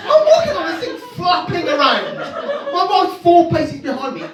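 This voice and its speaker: A man performing stand-up, telling stories in an exasperated, swearing manner with sudden jumps in pitch. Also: huge pitch swings, moderate pace, a crowd in the background. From England. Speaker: stand-up comedian. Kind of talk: stand-up routine. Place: comedy club stage. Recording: echoey club, distant mic, audience laughing.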